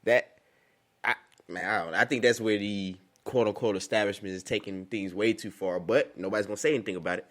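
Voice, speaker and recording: A man's voice: on the low side, brisk, fairly bright tone. A man hosting a podcast in casual chat, telling loose stories and quoting people in a put-on voice. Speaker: podcast host.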